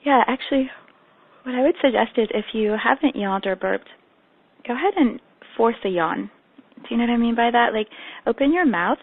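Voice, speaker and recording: Gravelly woman leading a guided meditation. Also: mid-range voice. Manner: soft, gentle, affirming. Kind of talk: guided meditation on a group call. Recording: tinny phone-line call audio.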